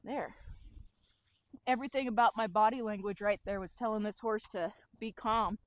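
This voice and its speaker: A woman horse trainer explaining calmly while working with a horse outdoors and talking to it as she goes. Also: medium pitch, moderate pace, no echo. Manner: calm, explanatory, talks to the horse as she works.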